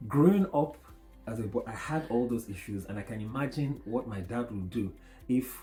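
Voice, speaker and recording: A man co-hosting a podcast, telling stories in a calm, thoughtful way. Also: mid-range voice, moderate pace, soft background music. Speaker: podcast co-host. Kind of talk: casual podcast chat.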